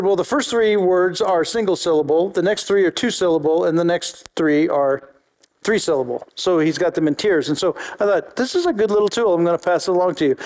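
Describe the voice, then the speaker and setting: A man with a high voice delivers a sermon in a relaxed, conversational way. He restarts phrases often and draws out important words slowly. When reading scripture he falls into a steady, list-like rhythm. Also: rough recording. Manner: conversational preaching with frequent restarts and slow emphatic phrases; reads scripture aloud in a steady list-like cadence. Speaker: pastor.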